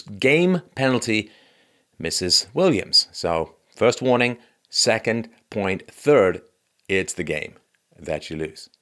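A man hosting an opinion show, recounting events in a sarcastic, conversational way and dropping his voice low for wry asides. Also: fairly bright tone. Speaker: podcast host. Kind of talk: opinion commentary.

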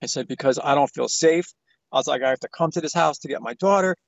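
A man in his thirties phones in, his voice high and gravelly. He tells his story in an animated way, acting out the quotes. The line is dull and lo-fi, with a dry, close sound. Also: fast, no room sound. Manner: animated retelling, acts out quotes in a raised voice. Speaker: caller. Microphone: phone call.

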